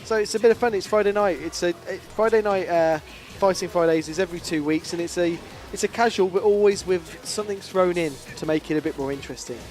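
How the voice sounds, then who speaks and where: A playful man commentates a fighting game event, his voice sitting a little higher than most men's. He rambles casually and laughs easily with his co-host. Music hums faintly underneath. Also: fast, few pauses, darkish tone. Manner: chatty, playful, laughs often. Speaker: tournament commentator.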